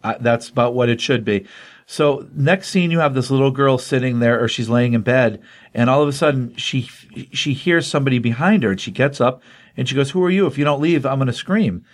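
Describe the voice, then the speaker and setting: A man's voice: medium pitch, brisk. Man animatedly retelling a comic plot. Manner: animated retelling that acts out the dialogue, with many fillers. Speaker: podcast co-host. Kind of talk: casual comic-book recap.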